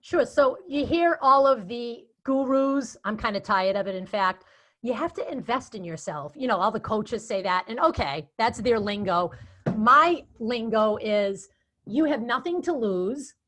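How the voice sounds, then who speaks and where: Boston-accented woman, interview guest, animated chatty delivery. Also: fairly high pitch, unhurried. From Boston area. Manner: chatty, animated storytelling with quoted asides. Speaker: guest speaker and event moderator. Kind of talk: casual interview chat.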